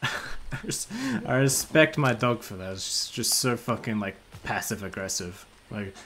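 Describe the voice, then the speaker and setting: A man's voice: fairly low pitch, moderate pace, fairly bright tone, slight background noise. A man, giving casual gameplay commentary as a streamer, swearing freely and laughing often.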